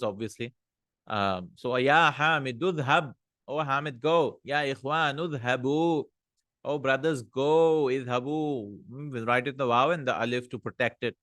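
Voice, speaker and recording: A man teaching an Arabic grammar lesson, reading example sentences aloud, translating them and explaining the rules in a relaxed way with fillers. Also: medium pitch, dry recording, clean studio sound.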